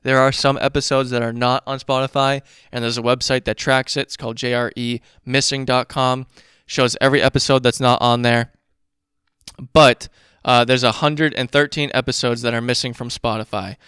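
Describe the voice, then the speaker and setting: A man hosting a podcast, ranting in a casual, profane and worked-up way while doing math out loud. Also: mid-range voice, little pitch movement, moderate pace, clean tone, no room sound, studio quality. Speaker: podcast host.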